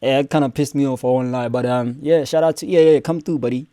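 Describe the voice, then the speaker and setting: A young man with a mellow, relaxed voice. He hosts a casual reaction stream, swearing freely and joking as he answers the clips. The sound is dry and close. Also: medium pitch, fast, no room sound. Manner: profane, joking, talks back at clips.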